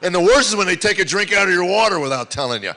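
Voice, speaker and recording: Bright-toned older man doing stand-up. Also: lively intonation, racing, creaky. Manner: storytelling, rambling, swings from low mutters to loud exclamations. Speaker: stand-up comedian. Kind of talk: stand-up comedy set. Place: live comedy venue.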